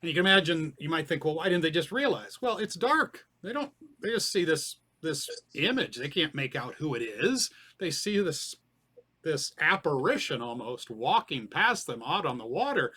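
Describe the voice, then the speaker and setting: A man's voice: on the high side, big pitch swings, normal speed, sharp tone, husky. A man leading a group Bible study, explaining in a conversational way and putting questions to the group.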